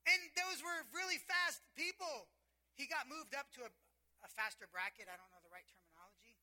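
A man, a pastor, preaching a sermon in an animated, joking way and acting out the scenes he describes. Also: very high-pitched, normal speed.

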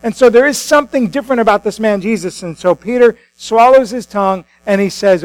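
A man's voice: high-pitched, brisk, hardly any pauses, dry recording, rough recording. A man, a pastor, preaching a sermon in a conversational storytelling way with frequent restarts.

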